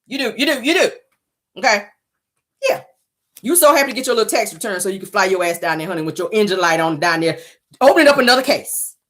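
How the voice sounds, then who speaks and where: A woman's voice: medium pitch, expressive, fast talker, fairly bright tone. A woman hosting a gossip vlog, scolding and mocking her target in a sassy voice and repeating her jabs. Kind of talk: sassy reality-TV gossip commentary.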